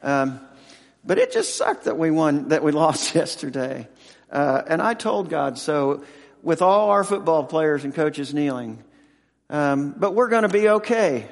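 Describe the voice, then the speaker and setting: A man in his sixties, a pastor and football chaplain, preaching a sermon with halting, emotional storytelling and many restarts. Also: fairly high pitch, big pitch swings, long reverb tail. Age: 60s.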